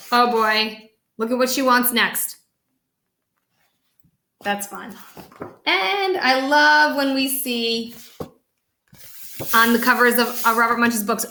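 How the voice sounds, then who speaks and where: Bright-voiced woman reading a picture book. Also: high-pitched. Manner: chatty, reacting to the pictures. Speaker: children's book reader.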